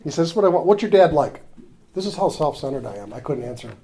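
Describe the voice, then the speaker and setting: A man's voice: fairly high pitch, fast, slight background noise. A man speaking at a recovery workshop, telling his story in a confessional way and acting out the conversations in it. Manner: confessional, drops to a near whisper in tender moments; animated when acting out conversations.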